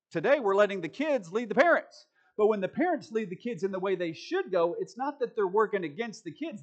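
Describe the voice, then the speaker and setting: Animated, chatty male preacher. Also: high voice, lo-fi sound. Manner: chatty, self-deprecating asides and frequent "right?" check-ins. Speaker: preacher teaching a Bible study. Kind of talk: conversational sermon.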